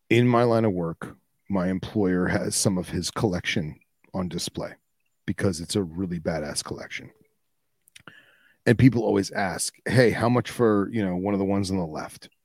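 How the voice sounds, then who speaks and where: A man's voice: sits low, unhurried, long pauses, darkish tone, no room sound. A man co-hosting a podcast in casual chat, arguing his point firmly and acting out what other people said. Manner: argumentative, acts out quotes from others. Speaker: podcast co-host.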